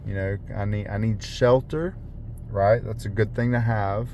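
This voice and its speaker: A man's voice: on the low side, steady tone, a little slow, a little mellow, a little hiss or hum. A young man, a rideshare driver, rambling in a casual vlog from his parked car, full of fillers and restarts.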